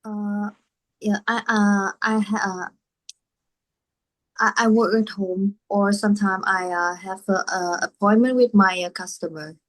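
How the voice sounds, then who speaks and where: A woman from Vietnam learning English, answering haltingly over a video call, often pausing to search for words. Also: medium pitch, fairly even intonation. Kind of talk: hesitant classroom answers.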